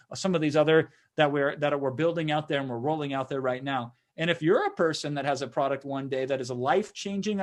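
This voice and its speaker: Middle-aged male webinar host, slightly high voice, loose conversational sales pitch. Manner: conversational, frequent "right?" tag questions. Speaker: webinar host and marketing consultant.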